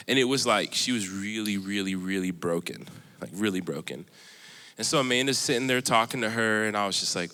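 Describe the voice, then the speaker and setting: A man casually recounts a story to a panel audience, stringing it together with fillers and laughing along the way. His voice is bright and carries a long hall reverb. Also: fairly low pitch, moderate pace, clean tone. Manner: rambling, filler-heavy, laughs while telling. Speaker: panelist sharing a missions story.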